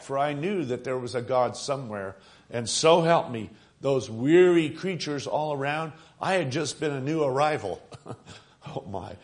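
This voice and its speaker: A man preaching a sermon, retelling a story with dramatic slowing and rising for emphasis. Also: on the high side, expressive.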